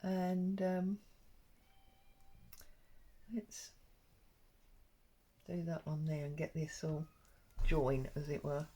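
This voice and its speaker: A woman's voice: sits low, fairly even intonation, drawn-out words, long pauses, dark tone. A woman talking casually and rambling as she works on an embroidery project, with plenty of ums. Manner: rambling and chatty, with frequent ums. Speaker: craft vlogger. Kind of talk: casual stitch-along chat.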